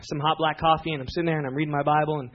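A man preaching a sermon, telling a personal story in an animated, emphatic way. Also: on the high side, racing. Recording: dull lo-fi recording.

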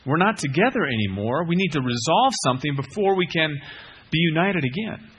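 Bright, husky-voiced preaching man. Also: fairly high pitch, very animated, brisk. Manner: earnest, repeats key phrases, asks the room questions. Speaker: pastor. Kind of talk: sermon.

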